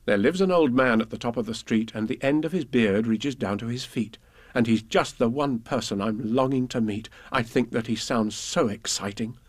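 A man reading children's poems and a storybook aloud in a gentle, expressive way. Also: mid-range voice, moderate pace. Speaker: reader.

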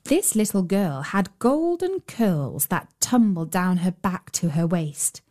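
A woman narrating a fairy tale in a gentle, measured storytelling manner. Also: fairly low pitch, sing-song. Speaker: storyteller host.

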